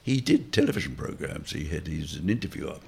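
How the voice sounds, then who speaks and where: A man's voice: a bass voice, sing-song, fast, creaky, a little mellow, slightly rough. An older man, an interview guest, telling wry, rambling anecdotes and chuckling through them. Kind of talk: anecdotal reminiscing.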